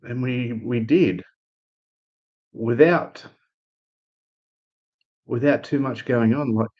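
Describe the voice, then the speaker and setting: A man from Australia chatting casually on a live stream, telling a relaxed, rambling story with restarts and fillers. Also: mid-range voice, takes it slowly, lo-fi sound.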